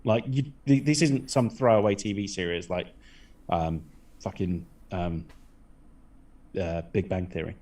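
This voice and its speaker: Bloke gushing about tv, swears a lot, sits a bit back from the mic. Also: male voice, deep voice, steady tone, measured pace, long pauses, a little mellow, distant mic. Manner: enthusiastic, swears casually. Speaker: podcast co-host. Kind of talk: casual podcast chat.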